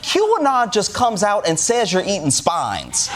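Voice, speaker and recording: Lively, high-pitched comic man, noisy recording. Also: normal speed, few pauses. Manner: animated, sarcastic punchlines. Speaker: comedian host. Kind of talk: comedic monologue.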